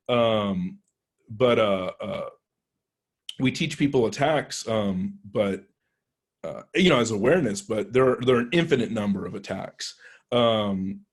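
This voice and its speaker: A man tells a story in a relaxed, conversational way, with lots of restarts. His voice sits low and has a husky, slightly breathy edge. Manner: conversational, with many restarts and acted-out quotes. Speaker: penetration tester. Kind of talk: casual storytelling talk.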